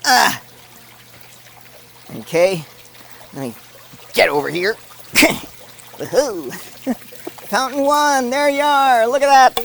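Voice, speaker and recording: A man hosting and calling a made-up game in a playful, deadpan announcer manner. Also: very high-pitched, takes it slowly, long pauses, slight background noise. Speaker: host and commentator. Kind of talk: mock sports commentary.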